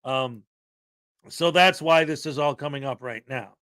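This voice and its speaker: A man's voice: on the high side, unhurried, a bit bright, dry recording. A man co-hosting a casual commentary show, explaining a court case in an opinionated, conversational way. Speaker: co-host.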